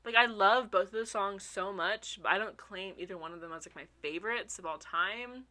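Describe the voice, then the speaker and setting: Bright, excitable young woman. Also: medium pitch, normal speed. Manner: excitable, swears freely, laughs often; talks to her viewers as y'all. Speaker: vlogger. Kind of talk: casual chat.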